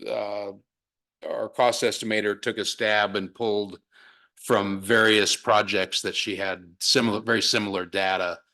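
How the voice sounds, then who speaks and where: A man walks a town commission through plans at a public meeting, pausing often and restarting his sentences. His voice sits low and carries a gravelly edge. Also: flat delivery, sharp tone. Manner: hesitant, many fillers and restarts. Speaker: consultant presenting to a town commission.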